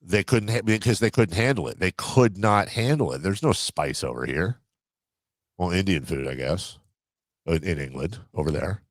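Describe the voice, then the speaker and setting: A man co-hosting a sports radio show, bantering in an animated, emphatic way. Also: deep voice, no room sound. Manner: animated, quick to jump in, emphatic. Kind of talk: casual studio banter.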